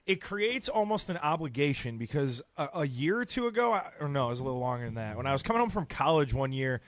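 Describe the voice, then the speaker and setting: A young man co-hosts a sports radio show. He tells a long story in a rambling way, full of restarts. His voice sits a little high, and the studio sound is dry. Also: very animated, fast talker, dry recording. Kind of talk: casual studio chat.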